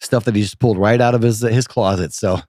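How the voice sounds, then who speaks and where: A man's voice: lowish voice, fairly even intonation, fast talker, a little mellow, no echo, studio quality. A man co-hosting a comedy podcast in easygoing casual chat, laughing along with his partner. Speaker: podcast co-host.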